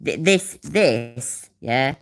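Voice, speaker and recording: A woman's voice: rumbling low, animated, extremely slow, gravelly. A woman giving casual, sweary reaction commentary while reading her chat. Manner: swears a lot, laughs, talks to the chat. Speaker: commentary streamer.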